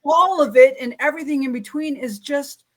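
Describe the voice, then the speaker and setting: Woman host talking earnestly, bit high-pitched, thinks out loud. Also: a little fast. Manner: earnest, reflective, many restarts. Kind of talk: casual interview chat.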